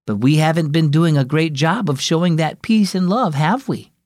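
A man voicing a weary but gentle mother in a children's story. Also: fairly high pitch, normal speed, no room sound, studio quality, close to an everyday voice.

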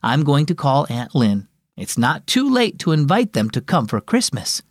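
A man voicing a weary but gentle mother in a children's story. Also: a little high, very animated, normal speed, no echo, clean studio sound.

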